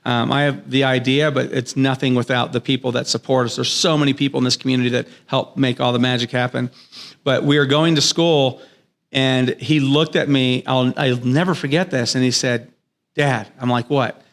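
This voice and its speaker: A man's voice: mid-range voice, fairly even intonation, normal speed. A man in his thirties or forties, a guest in a podcast studio, telling a family story in an earnest, enthusiastic way and acting out the dialogue. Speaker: podcast guest, business owner. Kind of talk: casual interview storytelling.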